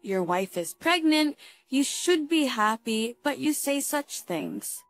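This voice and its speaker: A woman's voice: high-pitched, big pitch swings, slow pace, no echo, soft background music, pitched above the performer's own voice, full character voice. A woman voicing a stern, indignant mother-in-law in a spoken story, scolding in a cold tone.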